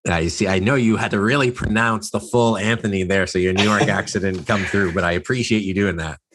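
A man's voice: fairly low pitch, fairly even intonation, a little fast, fairly bright tone. A man hosting a business podcast. He reads a scripted intro, then asks loose, rambling questions. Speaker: podcast host.

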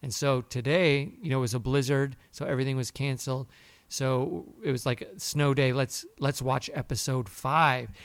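A man co-hosting a podcast, telling a story in a lively way and acting out the people he quotes. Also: medium pitch, normal speed, gravelly, no echo. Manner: animated storyteller, acts out quotes. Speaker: podcast co-host. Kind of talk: casual chat.

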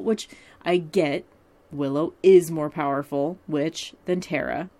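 A woman with a low voice recaps a TV episode in relaxed, chatty talk. She pads her sentences with fillers and breaks off into opinionated asides. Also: unhurried. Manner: chatty, many fillers and asides, laughs often.

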